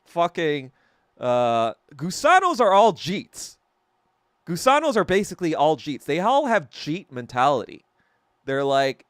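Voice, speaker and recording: Hosting a podcast, a man with a fairly high pitch sounds very animated yet unhurried, a bit bright, on a dry, studio-quality recording. His casual monologue is a profane, heated rant that rambles, and he corrects himself often.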